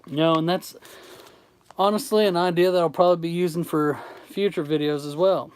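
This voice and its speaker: Easygoing Southern man with a smooth voice. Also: on the high side, steady tone, a little fast. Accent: Southern American. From Tennessee, USA. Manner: easygoing, rambling, answers chat questions. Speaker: artist streamer. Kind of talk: casual livestream chat with viewers.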